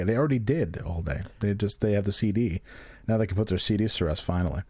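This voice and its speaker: A man's voice: fairly low pitch, quick pace, dark tone, no room sound. A man in casual chat, telling rambling, profane stories, with faint music behind.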